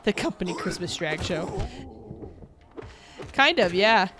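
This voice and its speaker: A woman's voice: mid-range voice, big pitch swings, slow pace, fairly bright tone, soft background music. A woman in her thirties chatting casually on a live stream, reading out viewer comments, telling stories and laughing often. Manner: chatty and laughing, reads viewer comments aloud and answers them. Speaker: game streamer.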